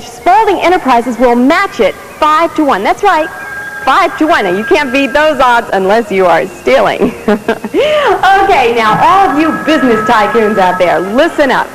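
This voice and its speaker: A bubbly telethon host. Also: female voice, high voice, low-quality recording. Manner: upbeat, cajoling, playful. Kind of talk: soap opera acting.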